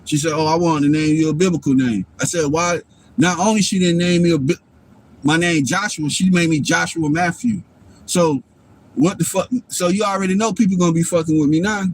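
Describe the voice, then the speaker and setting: High-voiced man ranting on a livestream. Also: fairly quick, breathy edge. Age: adult father. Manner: profane, preachy, keeps asking "you know what I'm saying". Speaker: livestream host. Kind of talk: rambling casual monologue.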